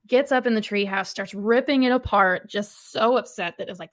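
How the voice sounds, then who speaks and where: A woman co-hosts a podcast and walks through a movie's plot in casual chat. She slips into quick impressions of the characters' lines. Her voice sits at a middle pitch. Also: rough recording. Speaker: podcast co-host.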